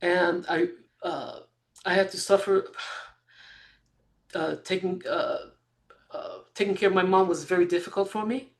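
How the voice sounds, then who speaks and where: Halting man in his sixties. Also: high voice. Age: 60s. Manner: halting, with fillers and laughs between phrases. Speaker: interview guest. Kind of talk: storytelling in an interview.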